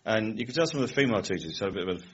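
Middle-aged english comic guy, husky and bright, lively up and down voice, muffled old recording. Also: fairly low pitch, rapid-fire. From England. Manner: rambling anecdotes with frequent laughs and voices. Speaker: comedian guest. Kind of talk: casual chat.

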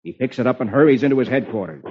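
A man's voice: mid-range voice, expressive, very fast, noisy background. A man hosting an old children's radio show, reading the comics aloud in a playful, sing-song storytelling manner. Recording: muffled old radio broadcast.

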